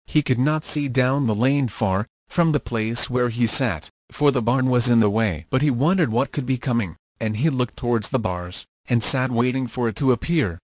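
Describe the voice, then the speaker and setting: A man reads an old-fashioned children's story aloud at a steady, measured pace. His voice is mid-pitched and ordinary in tone. The recording is dry and close, with no room sound. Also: no echo. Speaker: narrator. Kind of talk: audiobook narration of a children's story.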